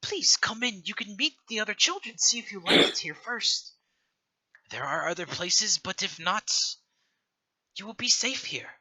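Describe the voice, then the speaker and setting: A man putting on a frail kindly old woman, soft and fussing. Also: high voice, lively intonation, normal speed, voice pushed up, heavily acted, rough recording. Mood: welcoming. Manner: warm, fussing, soft-spoken, leans on a cane.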